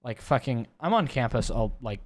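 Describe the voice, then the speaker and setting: A young college student co-hosting a casual podcast, talking in an animated way, swearing casually and slipping into mocking voices. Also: male voice, medium pitch, normal speed. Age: young adult. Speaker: podcast co-host. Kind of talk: casual chat.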